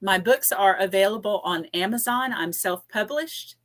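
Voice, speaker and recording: A woman's voice: mid-range voice, moderate pace, a bit bright. A woman from Tennessee with a Southern twang, talking as a podcast guest in an easygoing, plain-spoken way. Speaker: podcast guest, paranormal investigator. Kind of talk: casual podcast conversation.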